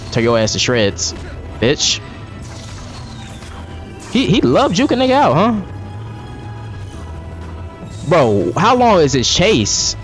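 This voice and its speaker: A man narrating his gameplay in a steady mid-range voice that jumps up and down a lot, swearing and griping as he goes. His commentary is loose and exasperated, with faint game music under it. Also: mid-range voice. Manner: profane, exasperated running commentary. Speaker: gaming streamer.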